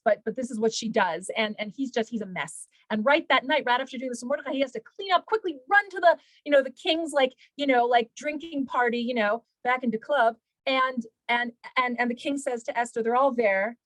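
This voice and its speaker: A woman's voice: a little high, fairly bright tone, no room sound, poor audio. A woman, a rebbetzin, retelling a story in casual talk, full of fillers and acted-out quotes. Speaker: rebbetzin, Torah teacher.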